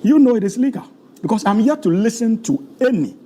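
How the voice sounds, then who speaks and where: A man, hoarse and losing his voice, arguing a legal point formally as a guest in a TV studio discussion. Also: sits high, sing-song, brisk, mellow, a little hiss or hum.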